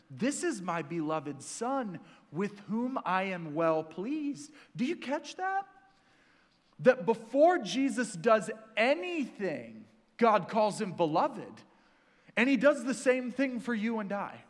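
A man preaching a sermon in a church, earnest and emphatic, dropping to soft, intimate lines between stronger passages. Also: high-pitched, big pitch swings, slow pace, big-room sound. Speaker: pastor.

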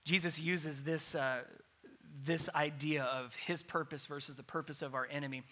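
A man preaching a sermon, animated, moving between loud emphasis and hushed, quiet points. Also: on the high side, normal speed. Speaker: pastor.

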